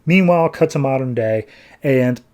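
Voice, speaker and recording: A man hosting a comics podcast, recapping an issue in a breezy, sarcastic way and slipping into quick character voices. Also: medium pitch, a little mellow. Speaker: podcast host, comics reviewer. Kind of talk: casual comic-book recap.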